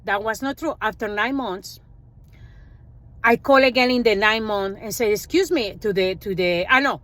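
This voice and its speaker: A woman speaking English as a second language, her first being Spanish, telling an animated personal finance story in a casual vlog and acting out what others said. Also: medium pitch, brisk, no echo. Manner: animated storytelling, acts out quoted dialogue, non-native grammar.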